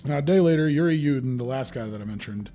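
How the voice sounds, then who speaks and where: Young male podcast host, mid-pitched, loose and jokey, rambling delivery, light music bed. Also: animated, quick pace, mellow. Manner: joking, rambling, laughs often. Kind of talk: casual podcast chat.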